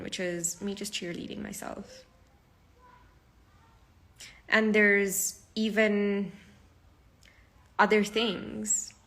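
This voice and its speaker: A woman's voice: medium pitch, creaky, fairly bright tone, slight background noise. A sleep-deprived woman hosting her podcast from a live stream, talking casually and chattily with plenty of fillers. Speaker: podcast host.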